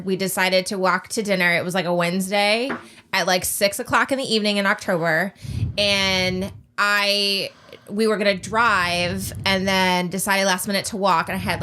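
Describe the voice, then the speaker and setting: A woman co-hosting a TV reaction channel tells a long personal story in a loose, chatty way. Her medium-pitched voice is bright and forceful, filled with filler, frequent "like" and little laughs.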